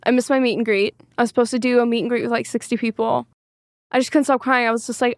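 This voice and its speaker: A woman's voice: on the high side, little pitch movement, quick pace, no room sound, studio quality. A woman singer-songwriter speaking openly as a podcast guest, rambling and full of filler words. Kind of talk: candid podcast interview.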